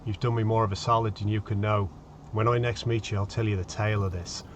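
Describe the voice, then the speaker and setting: A man voicing a tough, calm male pirate adventurer who speaks in a steady, measured way. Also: fairly low pitch, slight background noise, lightly acted.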